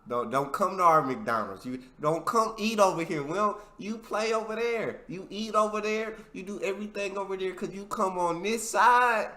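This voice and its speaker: A man's voice: sits high, moderate pace, few pauses, pushed and bright, voice pushed up. A man voicing a menacing adult male rival fan who issues warnings. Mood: threatening. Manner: threatening, warning. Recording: echoey room.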